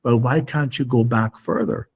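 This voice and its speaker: A man in an interview pressing his argument with emphasis, circling back on words as he builds a point. His voice sits at an ordinary middle pitch, and he sometimes acts out pointed questions in a raised voice. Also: fairly even intonation, moderate pace, husky. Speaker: guest. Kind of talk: interview conversation.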